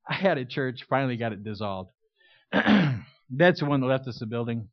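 A man's voice: mid-range voice, expressive, moderate pace, no room sound. An older man preaching a conversational sermon in a church, telling stories with folksy humor. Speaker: guest preacher. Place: church sanctuary. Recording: dull, lo-fi dry sound.

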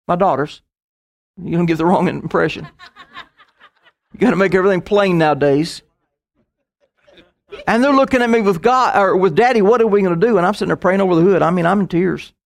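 Casting: middle-aged male preacher, high-pitched, storytelling sermon with quick asides. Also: gravelly.

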